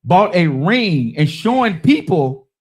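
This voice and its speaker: A high-voiced man in his thirties spins a profane story with wide, swooping pitch. He talks in a casual, dramatic way and keeps asking "right?" between beats. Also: slow, husky. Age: 30s. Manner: animated, dramatic, repeats "right?". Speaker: storyteller on a live-streamed talk show.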